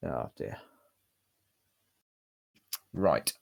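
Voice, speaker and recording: A man's voice: low voice, sing-song, extremely slow, vocal fry, pauses often, darkish tone. A man giving casual, chatty game commentary, thinking aloud as he goes.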